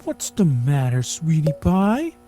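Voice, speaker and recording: A man's voice: medium pitch, big pitch swings, unhurried, music in the background. A man voicing a doting woman who croons sing-song baby talk to her pet. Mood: cooing.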